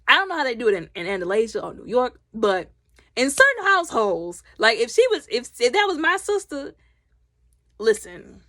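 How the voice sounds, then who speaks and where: A woman recapping a movie in a loud, chatty, slangy way. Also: fairly high pitch, big pitch swings, normal speed, dry recording, clean studio sound. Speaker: movie reviewer.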